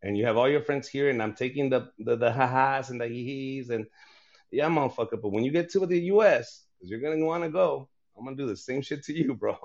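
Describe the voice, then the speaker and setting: A man's voice: medium pitch, a little fast, a little mellow, lo-fi sound. A man, a comedian, talking in a casual podcast chat, blunt and profane, laughing often. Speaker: comedian guest.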